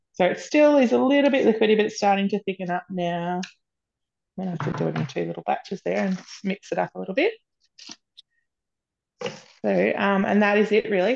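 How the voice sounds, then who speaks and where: A woman presenting an online cooking demo, explaining steps in a relaxed way. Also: mid-range voice, gravelly. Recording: dull lo-fi sound.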